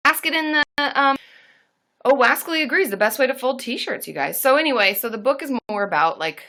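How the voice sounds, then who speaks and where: Woman therapist, livestream host, bright forceful tone, bubbly and casual, cheers viewers. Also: sits high, lively intonation, brisk. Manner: bubbly, cheers viewers with squealed woo woos, swears casually.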